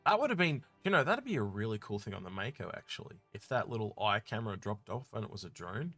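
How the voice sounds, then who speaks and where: A man co-hosting a casual gaming podcast, reading out viewer questions and musing about them in a relaxed way that often trails off. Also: fairly low pitch, fast talker, soft background music.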